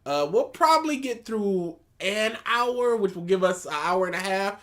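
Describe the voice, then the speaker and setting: Male streamer, high and bright, argues points fast in casual reaction banter. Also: expressive. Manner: argumentative, quick reactive banter. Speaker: stream co-host. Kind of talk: casual chat.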